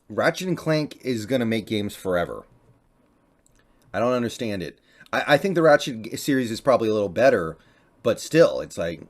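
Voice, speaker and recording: A young man giving casual, offhand gaming commentary, thinking aloud as he ranks games. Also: medium pitch. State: slight cough and voice crack. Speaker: gaming YouTuber. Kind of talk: casual tier-list commentary.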